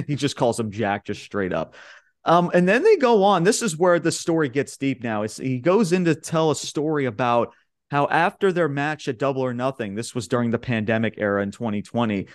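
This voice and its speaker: On his podcast, a young man from Long Island, New York casually goes over wrestling promos, acting out the quotes and laughing along. He has a medium pitch and normal speed, with clean studio sound and no echo.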